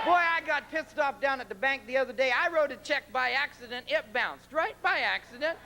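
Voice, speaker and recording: A man doing a stand-up comedy set, talking brashly and ranting with profanity in front of a live audience in a large concert venue. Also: very high-pitched. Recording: live concert tape with crowd noise. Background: laughing crowd.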